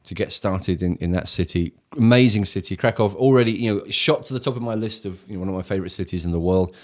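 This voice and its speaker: A deep-voiced man talks fast and enthusiastically, often restarting his sentences as he searches for words. He's an English church leader co-hosting a casual talk show.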